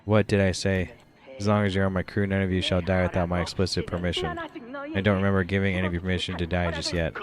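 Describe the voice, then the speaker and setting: A man's voice: low-pitched, flat delivery, fast, lightly acted. A man voicing a stern, obsessed sea captain who gives grand, commanding speeches.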